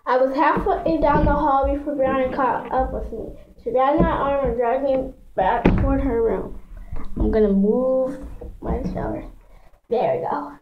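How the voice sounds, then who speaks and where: A woman's voice: sits high, measured pace, echoey room, lo-fi sound. A woman reading a children's book aloud in a chatty way, stumbling over words and adding asides for her listeners. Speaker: reader.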